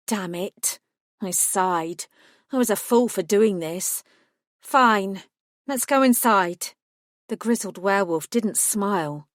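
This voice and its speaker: A woman's voice: mid-range voice, a little mellow, no echo. Woman narrating an audiobook, dry and close. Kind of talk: first-person audiobook narration.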